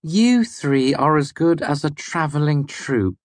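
A man voicing a sharp-tongued young woman physician in an audiobook, speaking dryly and sardonically. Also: fairly high pitch, expressive, slow, no echo, pitched above the performer's own voice. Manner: dry and sardonic. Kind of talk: audiobook character voice.

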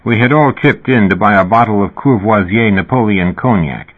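A man narrating a first-person novel in a measured, even way. His voice is on the low side and a little husky. The audio is narrow and tinny, like it is coming through a phone line.

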